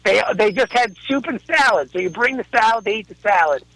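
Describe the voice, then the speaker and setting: High, gravelly, profane ranting caller. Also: male voice, animated, brisk, a bit bright, no room sound, poor audio. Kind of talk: casual chat. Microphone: phone call.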